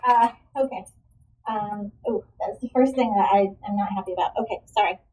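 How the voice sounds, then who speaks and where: A woman's voice: mid-range voice, brisk, mellow, far from the mic, poor audio. A woman teaching a math lesson, asking the class questions and encouraging the students' answers. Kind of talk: classroom lecture.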